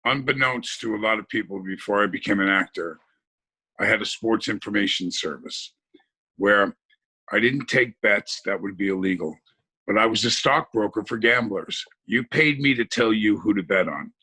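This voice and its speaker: A man's voice: fairly low pitch, normal speed, pushed and bright, husky, poor audio. A man chatting casually on a podcast in an easygoing, joking way. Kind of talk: casual chat.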